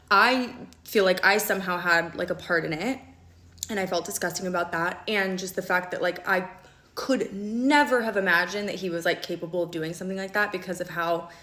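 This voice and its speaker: A woman with a lowish, slightly bright voice tells a dramatic personal story straight to camera in a casual storytime monologue. She is indignant and frank, swears, and keeps checking in with "okay?" and "all right?" The recording has a roomy echo.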